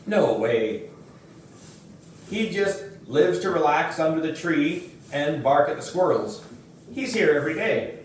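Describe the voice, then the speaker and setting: A man voicing a big, calm and easygoing grandfather, reassuring in tone, in an echoey room from far off. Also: a little high, measured pace, a little hiss or hum.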